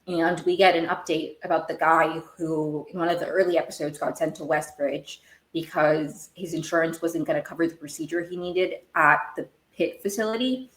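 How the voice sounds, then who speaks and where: Lady podcaster ranting about a tv episode, kinda low voice, echoey room. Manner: rambling, gets worked up and emotional. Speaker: podcast host. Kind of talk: casual TV recap commentary.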